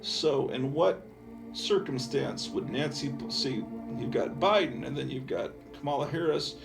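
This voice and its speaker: Music runs in the background as a comic collector and channel host speaks a little slowly in a creaky, medium-pitched voice. His presentation of the collection is informal and digressive, full of fillers.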